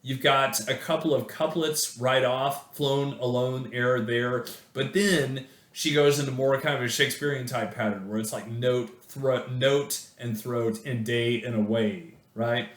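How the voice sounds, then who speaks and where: A man's voice: medium pitch, fairly even intonation, measured pace, hardly any pauses, a bit bright, echoey room. A man giving a casual, informal lecture on poetry, talking in a chatty way with frequent restarts and asides.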